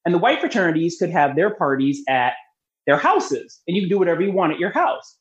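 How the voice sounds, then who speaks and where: A woman guest telling lively personal stories in a casual interview, talking freely and laughing often. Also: on the low side, brisk. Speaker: podcast guest, beer promoter. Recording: roomy, slightly muffled.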